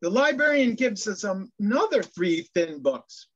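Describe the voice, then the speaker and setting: Male minister preaching slowly, tells jokes with lots of restarts, dull lo-fi recording. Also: high-pitched, very animated. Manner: storytelling jokes, hesitant with restarts. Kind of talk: sermon. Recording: dull lo-fi sound.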